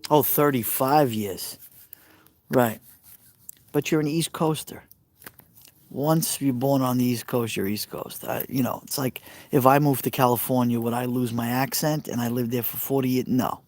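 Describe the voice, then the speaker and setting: A man's voice: medium pitch, steady tone, normal speed, darkish tone, no room sound. Brooklyn italian guy rambling on his live stream, answering the chat, medium voice. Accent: Brooklyn Italian American. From New York. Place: outdoors by a fire pit at night.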